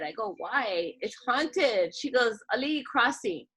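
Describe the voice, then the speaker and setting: A woman's voice: on the high side, slow pace, husky, low-quality recording. A woman from Hawaii, a tattoo artist, telling stories in a casual interview, acting out what people said. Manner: animated, acts out quoted voices, laughs often.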